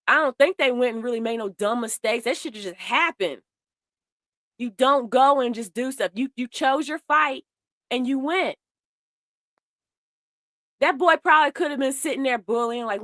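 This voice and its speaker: A woman's voice: high-pitched, a bit bright, no room sound, studio quality. A woman doing heated commentary, blunt and profane, speaking straight to her viewers in a way. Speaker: commentary host. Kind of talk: casual commentary.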